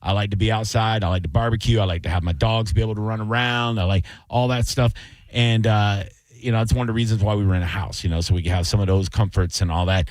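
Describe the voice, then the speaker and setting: A middle-aged man co-hosting a radio show, chatting in a relaxed, rambling, self-mocking way. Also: on the low side, quick pace, no room sound. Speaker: radio co-host. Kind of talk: casual radio chat.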